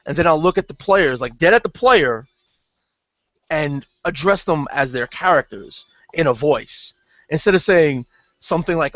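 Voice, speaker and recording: Animated man on a dull video call. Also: on the high side, normal speed, no echo. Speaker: game master panelist. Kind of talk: casual hangout chat.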